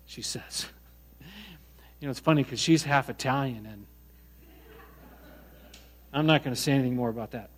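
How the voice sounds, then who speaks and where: A middle-aged man preaching a sermon, telling a personal story in a conversational, animated way with many restarts. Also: mid-range voice, moderate pace, long pauses. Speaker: pastor.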